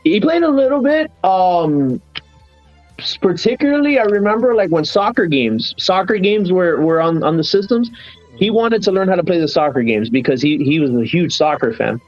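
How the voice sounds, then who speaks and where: Podcast host, man, animated nostalgic storyteller, dry dull lo-fi sound. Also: high voice, normal speed, no room sound, soft background music. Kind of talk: casual podcast chat.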